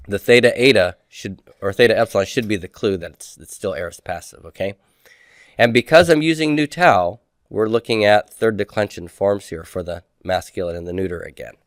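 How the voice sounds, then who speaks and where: Man, teacher, low voice, smooth tone, dry close recording, quizzes the class then drills forms. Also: no room sound. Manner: asks questions then answers them, drills forms aloud. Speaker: Greek teacher. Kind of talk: recorded lecture.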